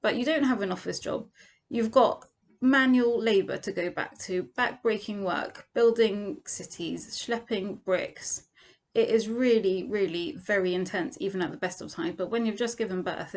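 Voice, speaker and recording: A woman's voice: medium pitch, moderate pace. A woman teaching a Torah lesson as a vivid second-person story, acting out the quoted lines.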